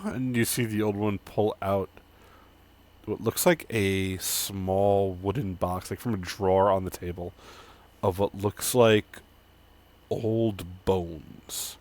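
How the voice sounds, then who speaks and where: A man running a tabletop game, describing scenes in an unhurried, halting way with fillers. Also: deep voice, fairly even intonation, darkish tone. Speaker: game master.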